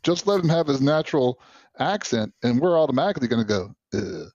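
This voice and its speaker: A man from the Deep South with a Southern accent, co-hosting a movie podcast in casual, opinionated chat. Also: lively intonation, fast, a little mellow, no echo, lo-fi sound. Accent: Southern American. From American Deep South. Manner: rambling, opinionated. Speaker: podcast co-host.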